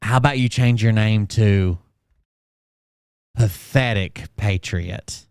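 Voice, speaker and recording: Crude, sarcastic male commentator, smooth voice. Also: on the low side, takes it slowly, a little mellow, no room sound, studio quality. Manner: crude, sarcastic, profane ridicule. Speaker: reaction commentator. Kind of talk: mocking commentary on a played clip.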